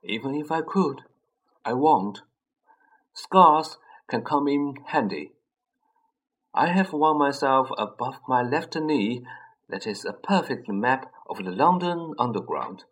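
A man reading an audiobook voicing an old, wise wizard headmaster who speaks calmly with gentle wit. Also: medium pitch, slow, husky, low-quality recording. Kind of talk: audiobook character voice.

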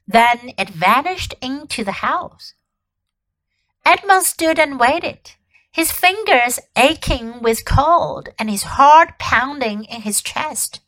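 A woman teacher reading a children's story aloud, slowly and clearly. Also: sits high, expressive, pushed and bright, poor audio. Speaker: English teacher.

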